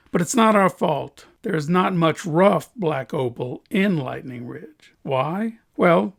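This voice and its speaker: Gravelly, wisecracking man explaining opal cutting. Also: fairly high pitch. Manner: joking, self-deprecating asides. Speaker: opal cutter. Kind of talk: hobby tutorial monologue.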